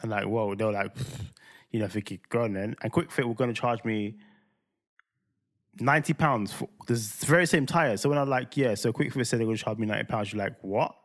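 A man co-hosting a casual podcast chat. He tells stories in a relaxed, confident way and drops his voice low for quoted lines. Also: quick pace. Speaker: podcast co-host.

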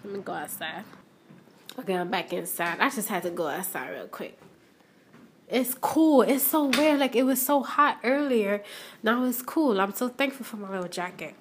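Chatty woman with a higher voice. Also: expressive, moderate pace, slight background noise. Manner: chatty, repeats phrases, talks straight to listeners. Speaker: podcast host. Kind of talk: casual solo podcast chat. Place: shop, stepping in and out of doors.

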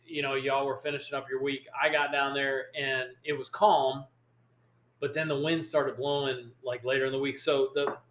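A man hosting a podcast, telling a long fishing story in an animated, rambling way. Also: mid-range voice, moderate pace. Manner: animated, rambling storyteller who acts out quotes. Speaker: podcast host. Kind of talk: casual storytelling chat. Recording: echoey room.

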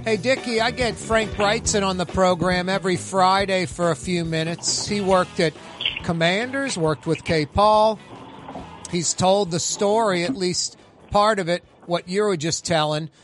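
A man's voice: high voice, unhurried, a bit bright, soft background music. A man, hosting a casual radio interview in a chatty, agreeable way. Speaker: radio host.

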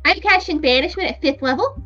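A woman playing a tabletop game, asking quick, blunt questions and swearing casually. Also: high-pitched, animated, sharp tone, dull audio, soft background music. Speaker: player.

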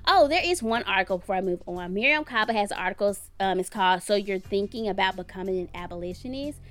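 A woman's voice: medium pitch, expressive, quick pace, a bit bright, soft background music. Outspoken woman giving blunt commentary. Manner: outspoken, opinionated, blunt with occasional swearing. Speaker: podcast co-host. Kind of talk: casual commentary chat.

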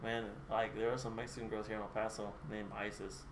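A man's voice: on the low side, level tone, a little fast, background noise. A young man joking around as a podcast guest, throwing in teasing wisecracks in casual chat. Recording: echoey room.

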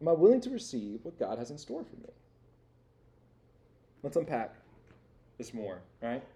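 A man's voice: medium pitch, wildly swooping pitch, normal speed, mellow. A young man giving a conversational, interactive sermon to students, asking them questions and filling with "like" and "right?". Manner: conversational, asks the audience questions, lots of "like" and "right?". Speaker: campus minister.

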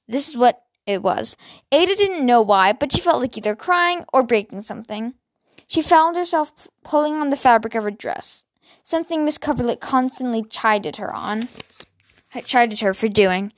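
A woman hosting a podcast, reading a novel aloud and then chatting about it casually, with fillers and restarts. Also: fairly high pitch. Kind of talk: storybook reading with casual chat.

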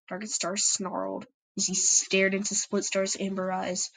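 A woman's voice: medium pitch, little pitch movement, measured pace, few pauses, fairly bright tone, low-quality recording. A woman narrating an amateur fan story and chatting to listeners, hesitant and full of fillers. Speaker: storyteller and channel host.

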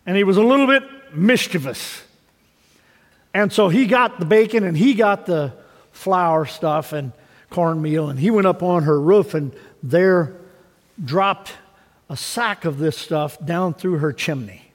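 A man's voice: high voice, measured pace. A man preaching a sermon as pastor, in a conversational way full of homespun stories. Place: church sanctuary. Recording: long reverb of a large hall.

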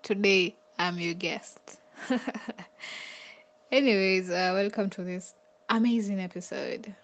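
A woman with a Kenyan accent, a podcast co-host who talks in a gentle, comforting way and giggles often. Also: medium pitch, slow pace. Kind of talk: casual podcast chat.

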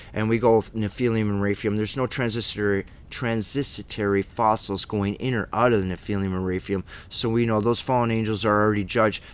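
A man's voice: mid-range voice, clean tone. A man teaching the Bible in an informal, emphatic way, rambling with restarts and asides.

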